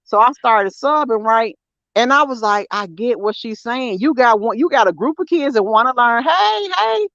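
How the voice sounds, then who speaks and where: A woman's voice: fairly high pitch, moderate pace, a bit bright, dry recording. A woman, co-hosting a casual podcast chat, talking bluntly and emphatically with plenty of slang. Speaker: podcast co-host. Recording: dry, slightly dull sound.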